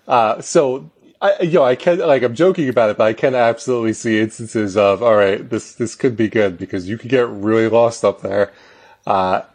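A man's voice: mid-range voice, moderate pace, darkish tone. Rambling man laughing through his pick. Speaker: podcast co-host. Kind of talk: casual chat.

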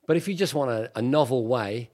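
A man co-hosting a tech show, chatting casually in an excitable, self-deprecating way. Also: medium pitch, a little fast. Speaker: tech show co-host testing a drone. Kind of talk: casual chat.

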